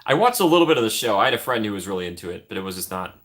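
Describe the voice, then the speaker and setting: A man's voice: lowish voice, sing-song, very fast, fairly bright tone. A man hosting a casual live stream, joking around and thanking his chat. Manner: jokey, thanks chat often, trails off into asides.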